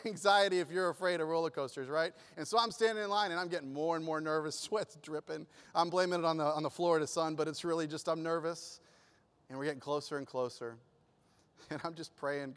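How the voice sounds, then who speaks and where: A middle-aged man preaching to a church, telling a personal story with lively swings between quiet and loud. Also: high-pitched, big-room sound. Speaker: pastor. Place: church sanctuary.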